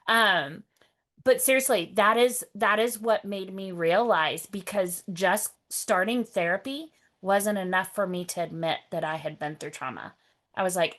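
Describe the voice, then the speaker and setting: A woman's voice: on the low side, moderate pace, fairly bright tone. A woman guest speaking candidly about her past, often quoting what others said to her. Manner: candid, wry, quotes others' words. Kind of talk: personal testimony.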